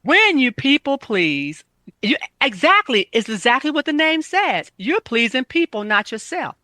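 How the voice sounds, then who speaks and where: A woman's voice: high-pitched, very animated, a little slow, bright, forceful tone, dry recording. A woman health coach giving casual, emphatic self-care advice, repeating her points.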